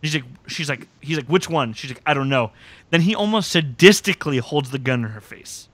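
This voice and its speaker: Speaking fairly high and fairly quick, this male podcast host chats casually through episode recaps. The audio has no echo, and he eagerly acts out scenes, clearly enjoying the jokes.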